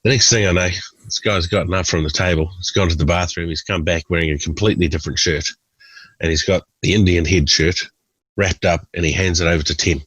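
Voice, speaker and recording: Very deep-voiced storytelling comedian, a man. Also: a little fast, slightly rough, no room sound, rough recording. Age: 40s. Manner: animated, does voices for characters. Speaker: stand-up comedian guest. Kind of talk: storytelling anecdotes.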